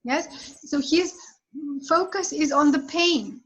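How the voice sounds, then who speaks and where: A woman's voice: high-pitched, slow pace, fairly bright tone, lo-fi sound. A woman English teacher explaining grammar in an online lesson, often checking understanding with short questions.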